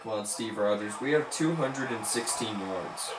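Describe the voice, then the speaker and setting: A man giving live commentary on his football video game, excitedly cheering on and scolding his players as he plays. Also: lowish voice, normal speed, over a noisy crowd. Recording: echoey room with background noise.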